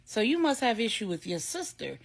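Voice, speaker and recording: A woman doing a sharp-tongued, higher widow. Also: big pitch swings, brisk, creaky, heavily acted. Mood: sarcastic. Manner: pointed, sarcastic.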